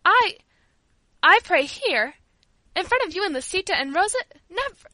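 A woman's voice: high voice, lively intonation, brisk, bright, forceful tone, no echo, low-quality recording. A woman voicing an old, blunt but humble woman servant who speaks emphatically. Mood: emphatic. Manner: emphatic, exclaiming.

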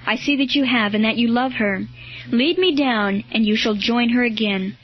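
Lady reading as a firm solemn roman soldier, highish voice, kinda muffled sound. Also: normal speed, soft background music, lightly acted. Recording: dull lo-fi recording.

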